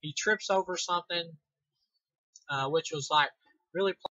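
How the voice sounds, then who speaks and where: A man's voice: on the high side, moderate pace, bright, forceful tone, dry recording. A young man giving a rambling, sarcastic, profane casual movie review on a dull lo-fi recording.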